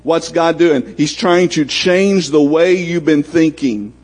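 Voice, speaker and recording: A man's voice: fairly high pitch, slow, darkish tone. A man preaching a sermon in a folksy, conversational way, acting out little bits of dialogue as he goes. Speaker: pastor.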